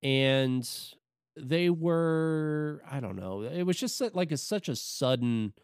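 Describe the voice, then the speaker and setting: A man's voice: on the high side, animated, takes it slowly, clear, resonant tone, no echo, studio quality. A man co-hosting a podcast, chatting casually about video games with lots of fillers and restarts. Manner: rambling, with many fillers and restarts. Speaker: podcast co-host.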